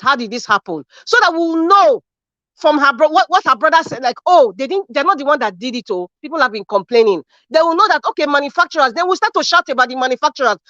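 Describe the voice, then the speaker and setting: A woman's voice: sits high, fairly bright tone, dry recording. A woman with a Nigerian accent, calling into a live show with impassioned social commentary, repeating phrases fervently like a preacher. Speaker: caller on a live stream show. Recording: dull lo-fi dry stream audio.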